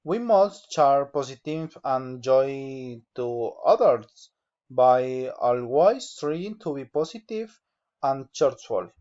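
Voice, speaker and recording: Slow-reading young man, dull lo-fi sound. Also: mid-range voice, animated, darkish tone. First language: Spanish. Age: young adult. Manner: slow, deliberate reading of word lists and sample sentences. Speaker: student. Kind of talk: reading a phonetics exercise aloud. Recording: dull lo-fi recording.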